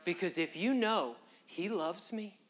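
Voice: medium pitch, lively intonation, measured pace. A preacher delivers a sermon at a church service in an impassioned, conversational way. The phrasing is folksy and direct, and the preacher speaks straight to the listeners. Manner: impassioned, direct address to the congregation.

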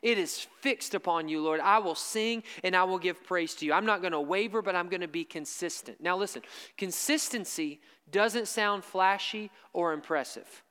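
A man delivering a sermon in a high, smooth and resonant voice. He stresses key lines by repeating them slowly and firmly. His voice carries a long reverb, as in a large church hall. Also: bright, forceful tone. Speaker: preacher.

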